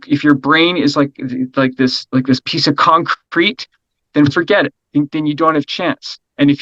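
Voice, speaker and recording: A middle-aged man being interviewed, talking energetically in a loose, rambling way and checking in with "right?" as he goes. His voice sits a little high for a man. The sound is dry and a bit dull, as if the recording has lost its brightness. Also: no room sound. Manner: energetic, rambling, repeats words, frequent "right?". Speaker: interview guest. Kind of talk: casual conversational interview.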